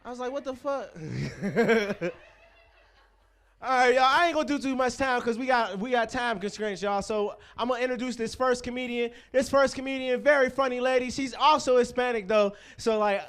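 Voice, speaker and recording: A man's voice: extremely high pitch, normal speed, fairly bright tone. A man in his twenties from Pittsburgh hosting a stand-up comedy show, talking loose and profane and teasing the crowd. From Pittsburgh, USA. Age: 20s.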